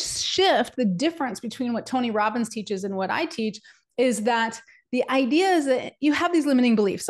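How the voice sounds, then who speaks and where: Animated woman coaching on a webinar. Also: a little high. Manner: animated, chatty, many "like"s and acted-out quotes; addresses the audience directly. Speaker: webinar co-host and business coach. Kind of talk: energetic storytelling presentation.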